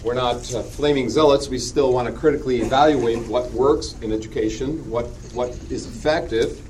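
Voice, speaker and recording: A middle-aged man giving a conference keynote in a hall, animated and joking with quick asides. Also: mid-range voice. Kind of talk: conference presentation. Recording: distant mic with steady background hiss.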